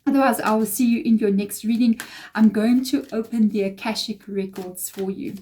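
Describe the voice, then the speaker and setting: Mellow-voiced woman reading tarot. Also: on the high side, steady tone, moderate pace. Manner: rambling, confiding, emotional asides. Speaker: tarot reader. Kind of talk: casual tarot reading monologue.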